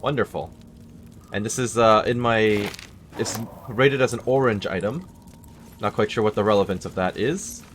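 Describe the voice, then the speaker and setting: A man's voice: fairly low pitch, moderate pace, slight background noise. A man giving casual gameplay commentary, with wry asides muttered to himself. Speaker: gameplay video host. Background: game music.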